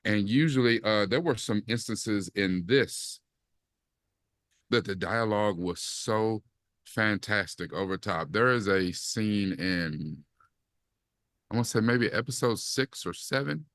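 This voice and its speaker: A man co-hosting a podcast, talking casually about a TV series and acting out quoted lines in lively bursts. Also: on the low side, a little slow, no room sound. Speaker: podcast co-host. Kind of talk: casual chat, TV review.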